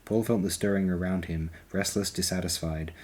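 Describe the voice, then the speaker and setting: Deep husky male audiobook narrator. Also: fairly even intonation, normal speed, a little mellow.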